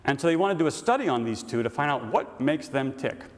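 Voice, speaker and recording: A middle-aged man serving as an Orthodox priest talks to a conference crowd in a relaxed, storytelling manner. He sits at a mid pitch and fills pauses with ums and uhs. A long hall reverb trails behind his voice. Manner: folksy storyteller, many fillers. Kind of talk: conference talk and Q&A.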